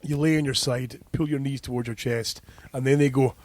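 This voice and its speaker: A man's voice: mid-range voice, fairly even intonation, fairly quick, darkish tone, no echo. A man co-hosting a podcast, telling a crude story full of swearing and laughter, and acting out the voices of the people in it. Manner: profane, laughing, acts out quoted voices. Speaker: podcast co-host.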